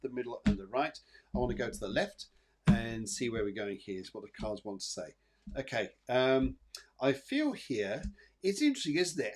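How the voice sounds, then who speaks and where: A man hosts a live psychic show, reading cards and colours for viewers. He rambles in a chatty, reassuring way, peppered with fillers and restarts, at a mid pitch. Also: darkish tone, a little hiss or hum. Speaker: psychic medium host.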